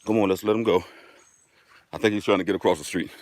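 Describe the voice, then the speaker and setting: Low-voiced man chatting on a morning walk. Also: steady tone, fast talker, a little mellow, no room sound. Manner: upbeat, chatty, addresses viewers directly. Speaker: live-stream host. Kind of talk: casual live-stream chat while walking. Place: outdoors on a dirt road.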